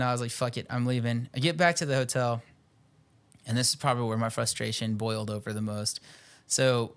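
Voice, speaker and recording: A man's voice: mid-range voice, fairly bright tone, clean tone. A young man co-hosting a podcast, telling a rambling, profane anecdote in casual chat, full of "like" and quoted dialogue. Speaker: podcast co-host.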